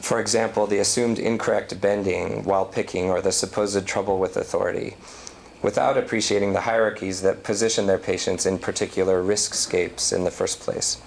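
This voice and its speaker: A man giving an academic lecture, reading a prepared talk at a measured pace. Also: deep voice, steady tone, vocal fry, slight background noise. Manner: reads prepared text, measured.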